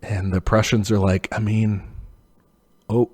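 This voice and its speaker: A young man co-hosting a podcast, telling history in a loose, profane way and putting on quick mock voices for the people in it. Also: on the low side, level tone, darkish tone. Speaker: podcast co-host. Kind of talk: casual history chat.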